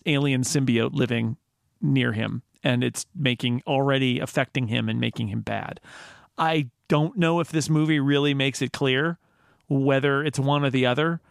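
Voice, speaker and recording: A man co-hosting a casual film discussion podcast, rambling and joking with quick asides. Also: medium pitch, gravelly, no room sound, clean studio sound. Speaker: podcast co-host.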